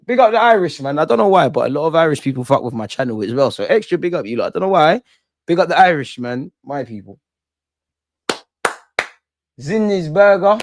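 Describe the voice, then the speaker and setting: A man's voice: a little high, a little fast, pauses often, dry recording. Young male fan-channel host, slangy and hyped, dry close mic. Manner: excitable, slangy, shouts out viewers. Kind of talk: live watch-along reaction.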